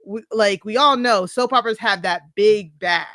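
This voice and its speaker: A woman's voice: mid-range voice, moderate pace, fairly bright tone, dry recording, clean studio sound. A woman co-hosting a casual podcast about a TV show, talking expressively and often laughing while she stacks up rhetorical questions. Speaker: podcast co-host. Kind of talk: casual pop-culture chat.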